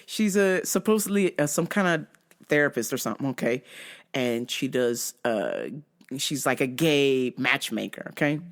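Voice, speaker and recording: Brash, profane woman ranting with lively pitch. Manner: profane, animated storytelling with bursts of laughter; self-described masculine, brash. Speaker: podcast host. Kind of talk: casual rant.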